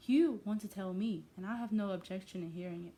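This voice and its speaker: A woman's voice: mid-range voice, a little fast, warm tone, close to an everyday voice. A woman who is not a native English speaker voicing a dry, weary middle-aged husband who teases his wife.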